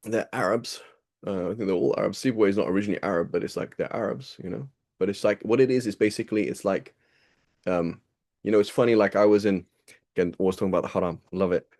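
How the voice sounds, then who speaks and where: A man's voice: fairly low pitch, fast, a little mellow. A man teaching a small class, reading and explaining texts in a casual, rambling way and asking his students rhetorical questions.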